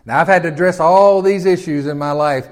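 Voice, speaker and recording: An older Southern man delivers a sermon with a notably high voice for a man. He preaches in a folksy, homespun way and keeps turning to the congregation with questions. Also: brisk. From Memphis, Tennessee. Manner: folksy, conversational, peppered with rhetorical questions to the congregation. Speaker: pastor.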